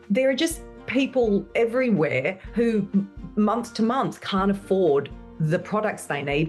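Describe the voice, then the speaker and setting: Australian actress, woman, mid-pitched, lively chatty guest. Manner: animated, chatty storyteller with emphatic asides. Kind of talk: casual interview chat.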